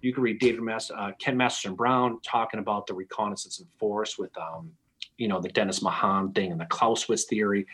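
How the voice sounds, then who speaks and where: A man co-hosting a podcast, talking through history in an animated, analytical way with many restarts. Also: lowish voice, brisk, husky. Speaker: podcast co-host. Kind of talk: casual history discussion.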